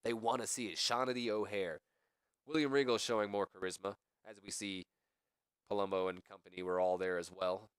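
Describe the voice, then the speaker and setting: A man's voice: fairly low pitch, fairly even intonation, moderate pace, fairly bright tone, smooth, no room sound. A young man giving casual game commentary, thinking aloud and rambling with lots of "pretty much.". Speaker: let's play commentator.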